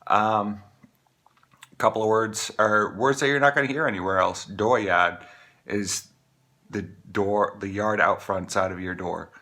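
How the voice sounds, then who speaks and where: A man from Maine talking casually to camera, rambling with many halting restarts. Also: fairly low pitch, sharp tone. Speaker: vlogger.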